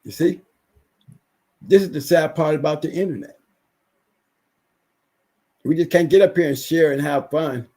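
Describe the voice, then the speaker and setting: A man's voice: a little high, unhurried, pauses often, a little mellow. A man who has been sick, ranting emphatically in a casual livestream chat, repeating himself for weight. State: recovering from illness. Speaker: livestream guest.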